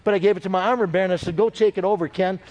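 A man with a notably high voice preaches a sermon as pastor, weaving long anecdotes together. He keeps turning to the congregation with calls for an amen, and his delivery is loose and conversational. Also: steady tone, racing, darkish tone. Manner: storytelling preacher with call-and-response.

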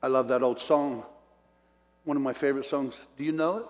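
His sermon comes at a fairly quick pace, his medium-pitched voice slightly mellow with fairly even intonation. He shares personal stories, acts out quotes, and chuckles between points, echoing in a long hall reverb.

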